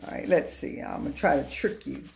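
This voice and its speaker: A woman's voice: low-pitched, fairly quick, creaky, a little hiss or hum. A middle-aged woman teaching young children a lesson in a patient, sing-song way.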